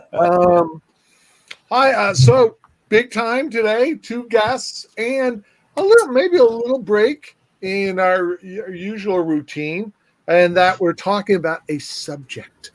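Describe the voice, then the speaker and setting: Brief: male co-host, joker, self-mocking patter, high voice. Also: expressive, slow, no room sound. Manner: playful, teasing, self-mocking. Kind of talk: joking live-stream banter.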